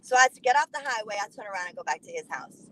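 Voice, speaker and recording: A woman telling a personal story in a blunt, animated way, swearing freely. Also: medium pitch, racing, slight background noise, rough recording. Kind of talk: casual profane storytelling.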